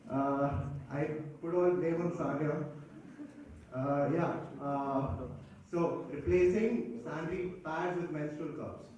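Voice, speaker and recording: A hoarse young man chairing an assembly's voice votes, hesitant, with joking asides. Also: a little high, fairly even intonation, slow pace, a little mellow, dull audio. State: hoarse throat. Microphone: far from the mic. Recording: echoey hall, voice far off, faint noise.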